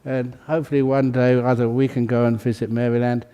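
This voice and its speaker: A Buddhist monk leading a ceremony, calling out names in a casual, joking way and laughing between them. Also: male voice, mid-range voice, level tone, fairly quick, warm tone, smooth, highs cut off. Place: large hall.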